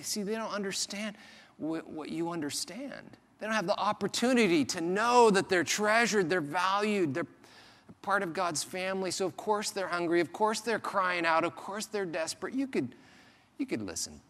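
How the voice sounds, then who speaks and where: A man preaching a sermon as pastor, in a conversational, animated way, sometimes acting out the voices of people he quotes. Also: sits high, in a large hall.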